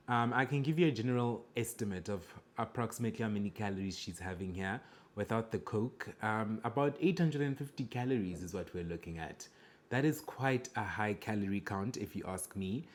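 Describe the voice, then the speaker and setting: Blunt man giving judgmental reaction commentary. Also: medium pitch. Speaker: reaction video host.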